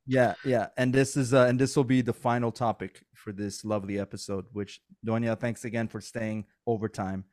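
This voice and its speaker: A man's voice: on the low side, steady tone, normal speed, hardly any pauses, darkish tone. Joking male podcast host. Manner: joking, laughs often, trails off. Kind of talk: casual podcast chat.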